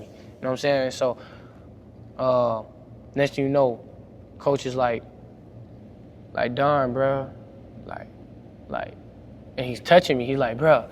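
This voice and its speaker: A young man speaks in a casual, unscripted way with a drawl. His voice sits at an everyday middle pitch and turns animated and loud whenever he acts out an argument. A faint background noise runs under the recording. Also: normal speed, long pauses. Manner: animated, gets louder retelling arguments. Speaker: high school basketball player. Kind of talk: casual storytelling to camera.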